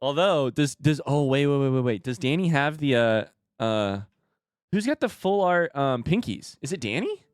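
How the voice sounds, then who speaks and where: A young adult man hosting a casual live stream, talking to chat and swinging from hushed remarks to loud excited outbursts. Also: medium pitch, moderate pace, clean tone, dry recording, studio quality. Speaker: streamer host.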